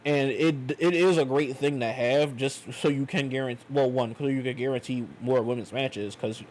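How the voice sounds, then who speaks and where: A man's voice: mid-range voice, slight background noise, low-quality recording. Slangy young man rambling a review. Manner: loose slangy rambling, animated. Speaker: wrestling reviewer. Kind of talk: casual review monologue.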